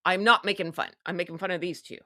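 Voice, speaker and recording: A woman's voice: fairly low pitch, steady tone, fast, sharp tone, dry recording, studio quality. A woman hosting a casual celebrity gossip livestream, chatty and sarcastic as she talks to her viewers. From Canada. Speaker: livestream host.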